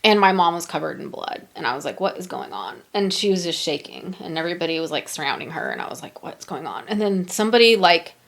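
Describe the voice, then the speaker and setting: Emotional woman with a gravelly low voice. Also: expressive. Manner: emotional, halting, many fillers. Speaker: podcast host. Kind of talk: personal storytelling.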